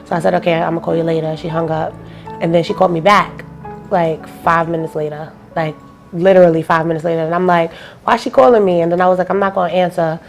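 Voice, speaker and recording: A woman's voice: on the low side, little pitch movement, fast, faint music behind. A young woman speaking as an interview guest, telling a personal story in a loose, casual way and acting out the phone calls she describes.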